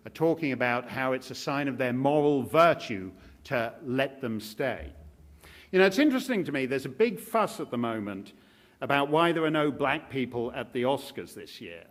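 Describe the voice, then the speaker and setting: A man lecturing to a live audience, his voice sitting a bit high for a man and swinging widely in pitch. He delivers it with dry, sardonic wit. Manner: wry, sardonic humor. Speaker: public speaker. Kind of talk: public lecture. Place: live speaking event before an audience.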